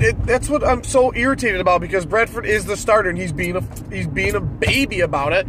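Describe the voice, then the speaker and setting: A man's voice: extremely high pitch, a bit bright. A man ranting about football as a fan commentator, irritated and swearing freely. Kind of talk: solo sports rant.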